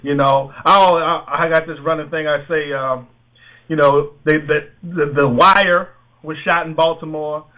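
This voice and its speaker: A man's voice: on the high side, fairly even intonation, unhurried, sharp tone, poor audio. A man hosting a casual sports talk radio show, rambling with many fillers and restarts, with an American accent.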